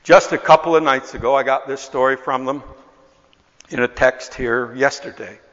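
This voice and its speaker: An older man preaching a sermon, telling a story with passion and building to near-shouts. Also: medium pitch, moderate pace. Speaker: pastor. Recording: echoey hall, dull lo-fi sound.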